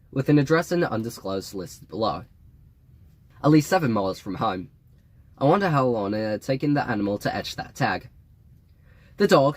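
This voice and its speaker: A man reading an audiobook in a wry, measured storytelling manner. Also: medium pitch. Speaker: audiobook reader. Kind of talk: audiobook narration.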